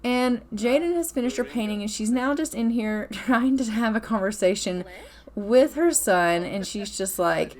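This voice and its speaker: Narrating her life-sim gameplay, a woman who hosts a gaming channel keeps it chatty, casual, and playful, with occasional laughs. She speaks a little high at a moderate pace.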